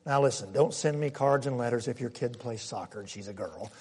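A man preaching a sermon emphatically, with dramatic pauses, his voice swinging from loud to hushed. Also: mid-range voice, slightly rough, long reverb tail. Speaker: pastor.

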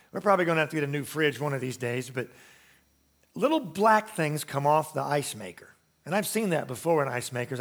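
A man's voice: a little high, a bit bright. A man preaching a sermon to a congregation in a church, emphatic and conversational, asking rhetorical questions. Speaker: pastor.

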